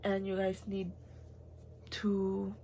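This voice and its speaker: A woman's voice: mid-range voice, monotone, extremely slow, mellow, slight background noise. A young woman, talking in a rambling, heartfelt personal vlog with many fillers and restarts, at times close to tears. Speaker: vlogger.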